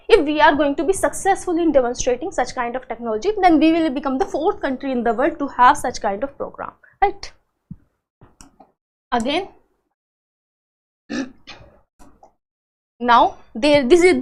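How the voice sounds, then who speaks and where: A woman giving an exam-prep lecture, explaining step by step and asking herself questions, often tagging "right?". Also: high voice. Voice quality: frequent "right?" and "uh" fillers. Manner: explanatory, asks and answers own questions. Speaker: teacher.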